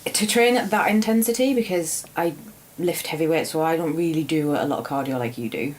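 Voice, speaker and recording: A woman personal trainer co-hosting a podcast, explaining training in a lively casual way with frequent laughter. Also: sits low, fairly quick, low-quality recording. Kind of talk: casual chat.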